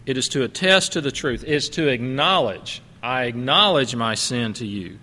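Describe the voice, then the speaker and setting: Middle-aged male pastor, conversational preacher with a bright, forceful voice; reverberant church sound. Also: medium pitch, expressive, moderate pace. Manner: conversational, laughing asides, quoting others in changed voices. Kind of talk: sermon. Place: church sanctuary. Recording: long reverb of a church hall.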